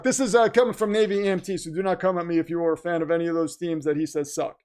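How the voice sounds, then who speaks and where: A man with a fairly high voice hosts a casual livestream, reading viewer messages aloud. He is talkative and keyed up with nervous energy, jumping from loud bursts to quiet asides. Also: fast talker, hardly any pauses. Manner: excitable, talkative, jumps between loud and quiet. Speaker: livestream host reading super chats.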